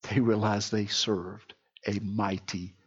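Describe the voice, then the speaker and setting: Male pastor, husky, impassioned pulpit delivery, hushed to loud, muffled recording. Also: lowish voice, little pitch movement, slow pace. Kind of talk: sermon.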